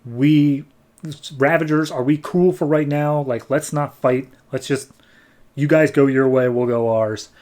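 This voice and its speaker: A man's voice: mid-range voice, steady tone, measured pace, darkish tone, close to an everyday voice. A blunt young female mercenary, as a man puts her on while retelling a comic, urgent and scornful. The voice stays close to his own, only slightly lifted.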